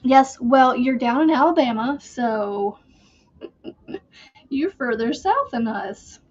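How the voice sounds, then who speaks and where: A woman's voice: high-pitched, animated, dull audio. A woman hosting a crochet channel, chatting casually and rambling while she works. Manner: slow, rambling, chatty with fillers.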